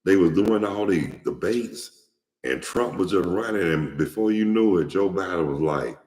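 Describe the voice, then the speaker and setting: Hosting his own show, a man gives slangy, outspoken commentary straight to his viewers, rambling with many restarts and repeats. His voice is low and darkish at normal speed, in an echoey room with long reverb.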